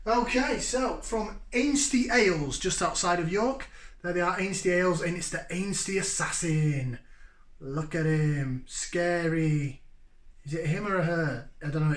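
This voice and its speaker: A high-pitched man, originally from Yorkshire, talks his viewers through a beer review in a chatty, joking, upbeat way. His voice bounces around a roomy, echoing space. He sounds like a man in his forties hosting his own casual channel. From Yorkshire, England.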